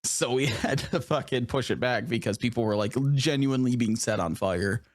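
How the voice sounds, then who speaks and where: A man's voice: mid-range voice, moderate pace, no room sound, clean studio sound. A man on a podcast chatting casually, swearing freely and laughing often. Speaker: podcast guest. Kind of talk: casual chat.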